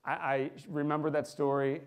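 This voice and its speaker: A man from the St. Louis area giving a motivational keynote in a large conference room, punchy, swinging between hushed and loud, questioning the audience. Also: fairly high pitch, flat delivery, normal speed, smooth. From St. Louis area, USA. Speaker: keynote speaker.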